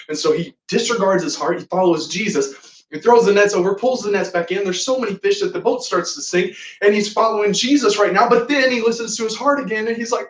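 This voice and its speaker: A man's voice: high voice, a little fast. A man preaching a sermon, telling a Bible story and acting out its lines. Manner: storytelling preacher, acts out quoted lines with voices. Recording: echoey room, from a distance.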